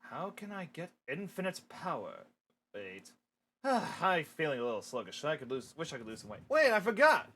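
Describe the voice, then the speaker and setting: A man voicing a lazy, boastful villain king in a storybook reading, grumbling and sighing between bursts of shouting. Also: fairly high pitch, wildly swooping pitch, normal speed, slight background noise, exaggerated voice. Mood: scheming.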